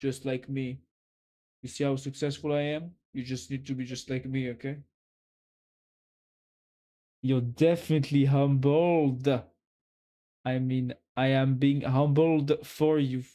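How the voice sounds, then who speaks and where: French-accented streamer teasing a viewer, slow unhurried talk, soft dark tone. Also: medium pitch, little pitch movement. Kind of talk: casual live-stream chat.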